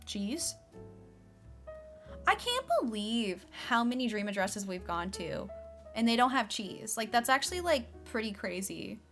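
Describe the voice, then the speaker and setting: A woman's voice: a little high, very animated, unhurried, a bit bright, faint music behind. A young adult woman streaming a game, chatting casually and filling her speech with "like". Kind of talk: casual chat while playing a game.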